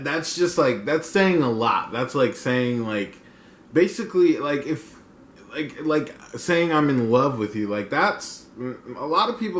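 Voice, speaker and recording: A man in his twenties reviewing an album in a casual reaction, gushing and full of fillers, swinging between loud and soft. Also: medium pitch. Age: 20s. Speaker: music reviewer. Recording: echoey room with faint noise.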